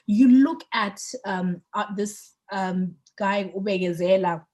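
A woman co-hosting a podcast in casual chat, chatty and getting excited on politics, with lots of fillers and restarts. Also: medium pitch, takes it slowly, slight background noise. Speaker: podcast co-host.

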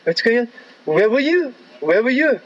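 A man's voice: fairly high pitch, expressive, fast talker, fairly bright tone, lo-fi sound. A man voicing an irritable French boat skipper who talks in clipped, broken English. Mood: fuming.

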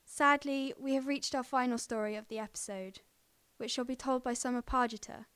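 A woman hosting, briskly introducing the next storyteller. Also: sits high, fairly even intonation, a bit bright, clean tone, dry recording. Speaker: host.

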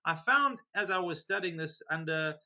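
A male preacher reading scripture aloud and stopping for amused, animated asides. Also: on the high side, normal speed, muffled recording. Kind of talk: sermon reading scripture with commentary.

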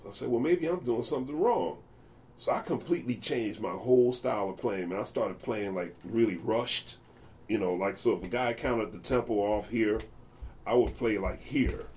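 A fairly low-pitched man's voice at normal speed belongs to a jazz bassist guest from the United States. He tells casual interview stories with energy, performing other people's voices.

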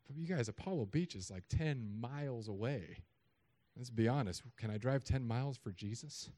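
Male preacher, mid-range voice, sermon delivery that is animated and casual, with loud emphatic peaks and dry quiet asides. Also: medium pitch, normal speed. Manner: conversational and joking.

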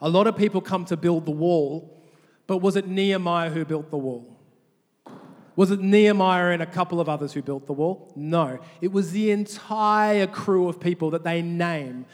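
A man preaching a sermon as pastor, animated, often restarting and repeating words as he leads the congregation in call-and-response. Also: high-pitched, normal speed. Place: large church hall. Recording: long hall reverb.

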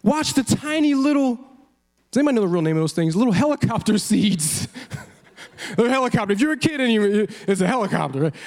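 A man preaching a sermon as a pastor, animated, acting out quotes and laughing often. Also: sits high, brisk.

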